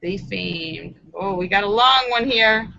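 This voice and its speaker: A woman hosting a live stream, reading viewers' jokes aloud and acting out the voices with giggly, animated delivery. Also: mid-range voice, slow, gravelly, dry recording, lo-fi sound. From Los Angeles area.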